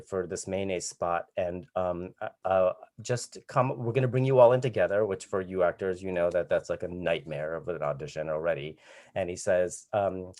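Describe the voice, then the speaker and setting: A man telling a comic anecdote on a virtual show, animated, acting out voices and laughing as he goes. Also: sits low. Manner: animated, acts out voices and laughs mid-story. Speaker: comedian guest. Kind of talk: storytelling anecdote. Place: home video call.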